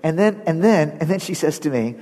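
A man's voice: a little high, lively intonation, a little fast, mellow, a little hiss or hum. A man preaching a sermon as pastor, telling stories animatedly and laughing often. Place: church sanctuary. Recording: long reverb of a church hall.

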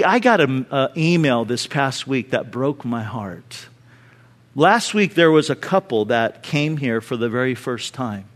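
A man's voice: a little high, fairly bright tone, in a large hall. A male pastor preaching a conversational sermon, earnest and casual, often repeating words as he goes.

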